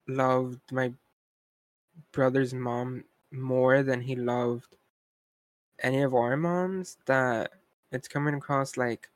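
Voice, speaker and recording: A young man co-hosting a podcast goes on a casual, frustrated rant packed with "like" and asides. His voice is mid-range, and there's no echo.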